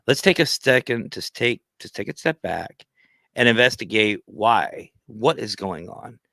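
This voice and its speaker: A man with a fairly low voice hosts a casual livestream chat. He talks earnestly and urges listeners to step back and think. His voice sounds dry and close, with no room around it. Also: expressive, unhurried, creaky, bright, forceful tone, no room sound. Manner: earnest, giving advice in a lecturing way. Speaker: podcast host.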